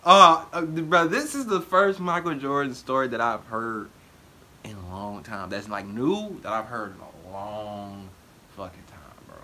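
A man hosting a reaction video, talking excitedly and casually, swearing and saying "bro" a lot. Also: mid-range voice, measured pace.

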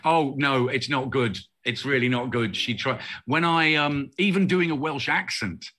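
A man, a crime novelist, talking casually on a festival panel, with sudden lively lifts in his voice when he starts an answer. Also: mid-range voice, moderate pace.

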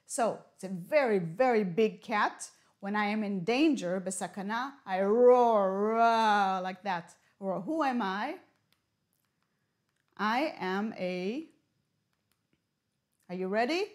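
Woman teaching English slowly. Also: medium pitch. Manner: slow, clear teacher talk with riddles and Hebrew glosses. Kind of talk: broadcast classroom lesson.

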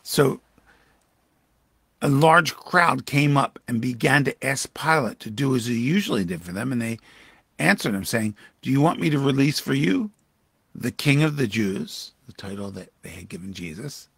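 Man, pastor, devotional bible teaching, gravelly, dry close sound, emphatic rises. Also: medium pitch, animated, moderate pace, fairly bright tone, no echo. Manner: reads scripture aloud and comments on it with sudden emphatic rises. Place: church livestream.

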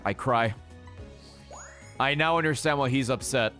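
A man streaming a game, excitable and swearing freely as he yells at the creatures on screen. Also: mid-range voice, unhurried, soft background music. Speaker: gaming streamer. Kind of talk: casual let's-play commentary.

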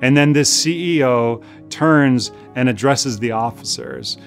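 A man preaching a sermon as pastor, earnest and pleading, slowing down to repeat key phrases for emphasis. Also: mid-range voice, creaky, soft background music. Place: church service.

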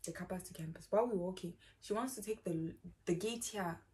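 A woman's voice: lowish voice, fairly quick, warm tone. A young South African woman telling a casual storytime, rambling and slangy, often saying "bro". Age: young adult. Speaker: YouTuber.

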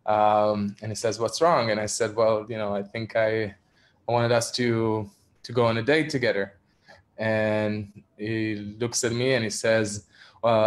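Candid man telling a personal story. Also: on the low side. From Israel. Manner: candid, self-deprecating, frequent ums and soft laughs. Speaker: activist speaker. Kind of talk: personal storytelling in a virtual talk. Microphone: video call.

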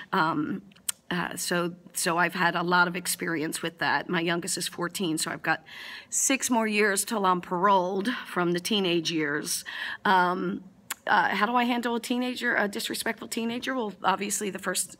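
A woman's voice: fairly low pitch, bright, forceful tone. A woman in her forties, a mother of four, answers viewers' parenting questions in a casual way. She talks frankly and jokes in a no-nonsense style.

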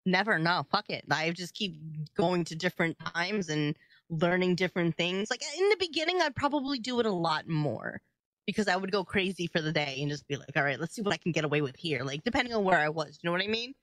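A young adult woman co-hosting a podcast in casual chat, animated and laughing, swearing freely. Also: on the low side, quick pace, dry recording. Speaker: podcast co-host.

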